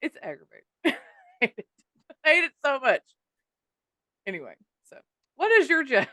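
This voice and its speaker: A woman's voice: high voice, big pitch swings, normal speed, sharp tone, no room sound. A woman co-hosting a podcast in casual chat, venting in exasperation and swearing freely. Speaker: podcast co-host.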